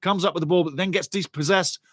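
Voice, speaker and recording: A man giving lively, chatty live football watchalong commentary and greeting viewers in the chat. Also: high voice, fast, no echo, clean studio sound.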